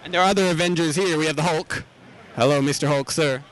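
A man's voice: on the high side, fast, a bit bright, slight background noise, poor audio. Mock-earnest Australian man interviewing. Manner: mock-earnest, absurd questions. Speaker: host, roving interviewer. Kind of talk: comedic vox-pop interviews. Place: outdoor convention.

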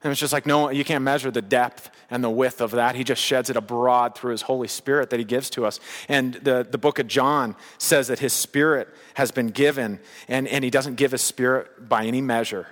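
A man's voice: medium pitch, steady tone, normal speed, few pauses, fairly bright tone. Man preaching in a reverberant hall. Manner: conversational preaching with rising emphatic bursts. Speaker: pastor. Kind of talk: sermon.

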